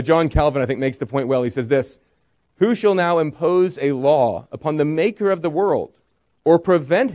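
A man's voice: a little high, darkish tone. A man preaching a sermon, retelling a story with rhetorical questions and briefly acting out its speakers. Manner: storytelling with frequent rhetorical "right?"; acts out quoted voices in retelling. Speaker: pastor.

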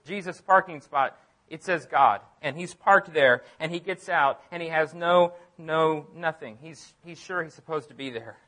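A man preaching a sermon as pastor, emphatic, repeating phrases and swinging from loud declarations to near-quiet asides. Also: fairly high pitch, normal speed.

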